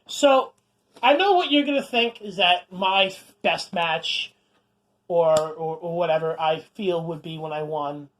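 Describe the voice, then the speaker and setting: A woman co-hosting a casual podcast chat, reacting in a quick, exclamatory way. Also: fairly low pitch, low-quality recording. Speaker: podcast co-host, wrestler.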